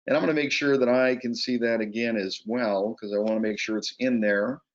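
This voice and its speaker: A man giving an energetic, urgent sales pitch as a guest presenter on a webinar over a video call. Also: fairly quick. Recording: muffled lo-fi call audio.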